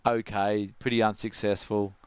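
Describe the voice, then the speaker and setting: A middle-aged Australian man, a surf coach, telling a story in casual chat, animated and laughing, full of "like". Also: fairly low pitch, normal speed, clean tone, no echo. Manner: animated, laughing, heavy use of "like".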